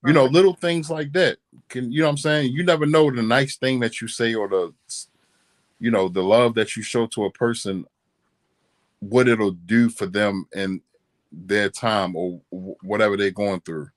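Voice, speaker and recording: A man's voice: on the low side, normal speed. A married man chatting casually as a co-host, telling a story in a laid-back, earnest way, often saying "you know what I'm saying". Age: adult.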